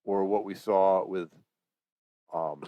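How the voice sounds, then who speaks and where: Deep-voiced man co-hosting a fight podcast. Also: fairly even intonation, slow pace, dry recording, lo-fi sound. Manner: opinionated, acts out fighters' lines. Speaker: podcast co-host. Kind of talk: casual chat.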